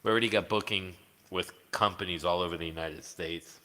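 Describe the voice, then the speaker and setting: A man's voice: deep voice, fairly even intonation, a little fast, bright, forceful tone, long reverb tail. A man chatting casually on a livestream, rambling and swearing, with many fillers. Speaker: livestreaming guitarist.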